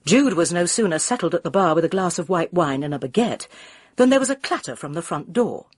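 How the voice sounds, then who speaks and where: A woman reading a village mystery aloud with measured storytelling. Her voice is husky and her pitch moves a lot. The recording is dry and close. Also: animated, a little mellow, no room sound. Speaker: audiobook reader. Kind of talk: scripted narration.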